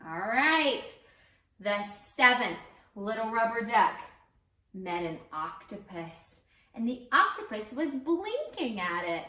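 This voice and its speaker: A woman's voice: medium pitch, sing-song, slow pace, pushed and bright. A young woman leading an interactive story time for babies and their grown-ups, coaxing them to join in with a sing-song delivery. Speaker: teaching artist leading baby story time. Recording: roomy, from off-mic.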